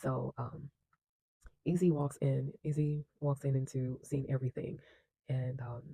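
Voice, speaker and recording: A man's voice: medium pitch, little pitch movement, unhurried, gravelly, dark tone, husky, dry recording, rough recording. A man casually retelling a film plot in a loose, chatty way, with lots of fillers and acted-out lines. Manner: acts out characters' lines with bursts of energy. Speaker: film reviewer.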